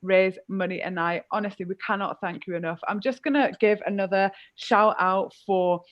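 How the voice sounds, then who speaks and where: A woman's voice: mid-range voice, fairly even intonation, normal speed, dry recording, muffled recording. Woman hosting. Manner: warm, grateful, self-deprecating. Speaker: host. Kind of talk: hosting a live online fundraiser. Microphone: video call.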